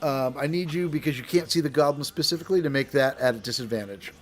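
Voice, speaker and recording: Working from a home streaming setup, a man with a mid-range voice runs a tabletop game as dungeon master. He talks fast and rambles, using many fillers and laughing often.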